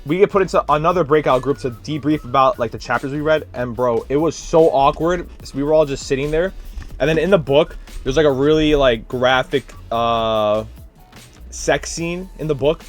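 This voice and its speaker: A young man with a slightly high voice retells his day in a loose, rambling way, piling on fillers as he goes. He sounds worn out and drained. Faint music plays under his talk. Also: normal speed. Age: young adult. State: tired, drained. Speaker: student teacher. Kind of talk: casual storytelling vlog.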